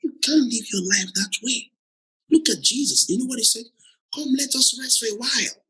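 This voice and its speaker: A man's voice: very high voice, moderate pace, bright, forceful tone, husky, poor audio. A man preaching a sermon who laughs often and repeats phrases for emphasis, with a Nigerian accent. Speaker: pastor.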